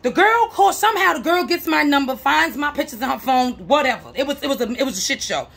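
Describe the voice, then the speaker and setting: A woman giving blunt relationship advice in a casual vlog monologue, animated and slangy, repeating herself for emphasis. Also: high voice, brisk, gravelly. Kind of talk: casual straight-talking monologue.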